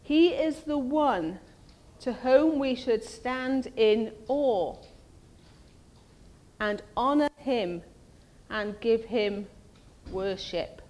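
A woman's voice: a little high, very slow, long pauses, darkish tone. A woman preaching a sermon in a conversational way, often ending her points with tag questions.

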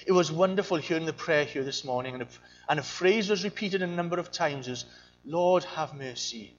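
A man's voice: fairly high pitch, fast, lo-fi sound. A man preaching a sermon, earnest and searching, often repeating his phrases. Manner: earnest, repeats phrases, mimics voices in quotes.

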